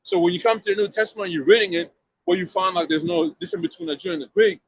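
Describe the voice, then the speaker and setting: High, lively-voiced street preacher man. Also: fast, gravelly, no echo, lo-fi sound. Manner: emphatic, slangy, repeats words and asks "you see what I mean?". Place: outdoors on a street.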